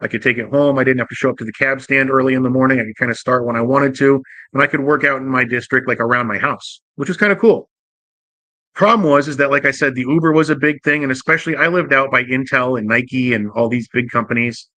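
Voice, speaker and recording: This is a former cabbie turned podcast host from the Portland area, spinning loose, foul-mouthed stories of his driving days and often starting sentences over. His mid-range voice moves fast with fairly even intonation and a sharp edge, and there's no echo.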